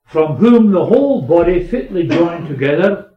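A man's voice: on the high side, sing-song, normal speed. Man preaching in an echoey hall. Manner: preaching with sharp swings between raised emphasis and quiet asides. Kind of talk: sermon. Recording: echoey, distant, muffled recording.

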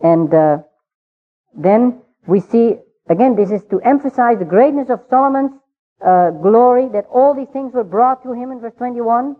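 A man giving a measured, verse-by-verse Bible study, pausing often and filling gaps with "uh". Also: extremely high pitch, expressive. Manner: measured, unhurried, with frequent pauses and fillers. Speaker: Bible teacher. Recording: tinny phone-like sound.

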